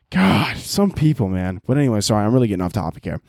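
A man, a comedian hosting his own podcast, in a profane, animated comedic rant. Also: lowish voice, fast talker, no room sound, studio quality.

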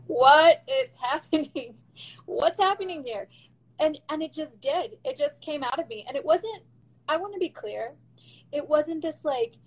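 A woman guest speaking frankly and emphatically in an interview, in quick bursts with some swearing. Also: a little high, poor audio. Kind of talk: candid interview talk.

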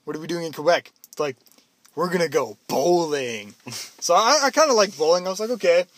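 Lively young Canadian man telling stories. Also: fairly high pitch, brisk, dry recording. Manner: animated, acts out quotes in loud put-on voices. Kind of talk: casual storytelling chat.

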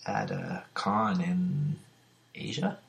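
A man's voice: sits low, fairly even intonation, very slow, creaky. A man co-hosting a casual comic book podcast, laughing often and agreeing in short replies. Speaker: podcast co-host.

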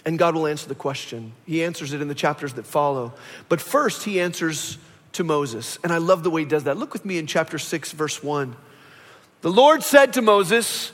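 A male pastor with a high voice preaches a sermon in a church sanctuary, talking a little fast. He tells stories in an animated way and acts out the voices he quotes, and the large hall adds a long reverb.

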